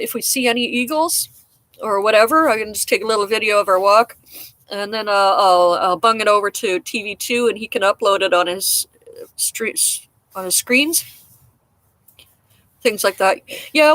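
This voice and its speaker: A woman chatting casually to her live-stream viewers from outside in a damp garden. She rambles, pokes fun at herself and chuckles often, with the odd cough. Her voice sits at an ordinary middle pitch, close and dry. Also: a bit bright, dry recording. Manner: rambling, frank, self-mocking, chuckles often. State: coughing now and then. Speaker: livestream host chatting with viewers.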